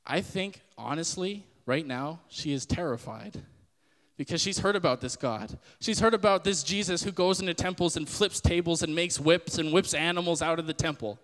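A young man hosting a podcast, giving a casual sermon-style Bible talk in an animated way and acting out the voices he quotes. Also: on the high side, moderate pace, in a large hall. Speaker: podcast host.

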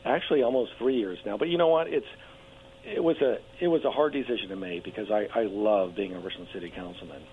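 A man running for local office, talking eagerly in a radio interview, hoarse and losing his voice, with frequent restarts and fillers. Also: lowish voice, fast. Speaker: political candidate guest. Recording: tinny phone line with faint hum.

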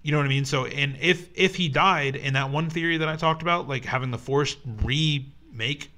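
A man's voice: a little high, normal speed, sharp tone. A young man co-hosting a podcast in casual chat, rambling with lots of fillers and restarts, and reading news aloud. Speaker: podcast co-host.

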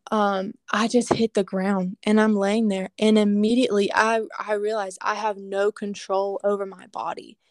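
Woman guest, earnest storyteller, chatty fillers, medium pitch, dry close recording. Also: dry recording. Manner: earnest and animated, with casual fillers. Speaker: guest sharing a testimony. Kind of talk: personal storytelling in conversation.

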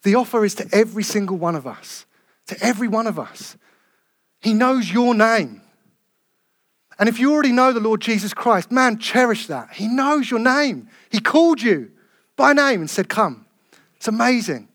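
A man preaches to his church with a fairly high voice. He swings between loud, ringing calls and soft, tender passages. The sound is close and dry, with little room echo. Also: expressive, normal speed. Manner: passionate, builds to loud calls then drops soft. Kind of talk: sermon.

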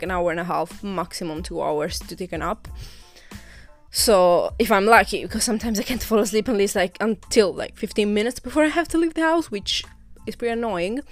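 A young woman from Italy talks through her own podcast in a loose, rambling way, restarting sentences and laughing lightly. Her voice sits at a middle pitch. Faint music plays underneath. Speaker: podcast host. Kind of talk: casual solo podcast chat.

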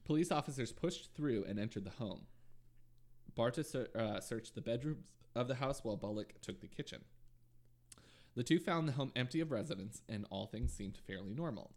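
A man hosting a podcast, narrating a true crime case in a relaxed way with frequent ums and asides. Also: medium pitch, normal speed. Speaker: podcast host.

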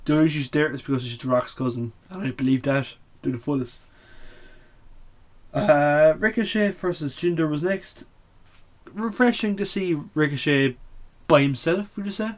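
A man's voice: a little high, moderate pace. Man, casual recap, blunt, swears, opinionated, lots of fillers. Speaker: wrestling podcast host. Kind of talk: casual weekly show recap.

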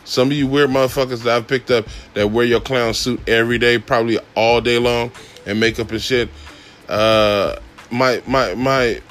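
A man telling a long story in a casual, laid-back way, full of swearing and laughter, his voice jumping up whenever he gets excited. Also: normal speed, soft background music. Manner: profane, laid-back, laughs often, pitch jumps when excited. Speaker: podcast host telling a driving story.

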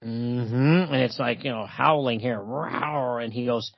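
A man's voice: mid-range voice, lively intonation, moderate pace, gravelly, few pauses, breathy edge, no room sound, lo-fi sound. A man co-hosting a podcast in casual chat, reading comic dialogue aloud and laughing. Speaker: podcast co-host. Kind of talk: casual comic book discussion.

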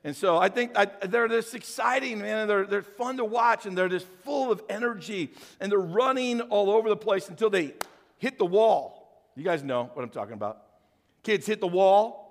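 Older male pastor, high-pitched, lively sermon delivery, recorded in a big reverberant church hall. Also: fairly quick, creaky, few pauses. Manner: animated storytelling, acts out voices.

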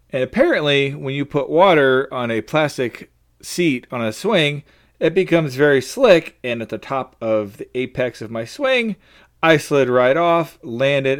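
A man's voice: a little high, clean tone. A man hosting a faith-based podcast, talking in an earnest, personal and openly emotional way. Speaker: podcast host.

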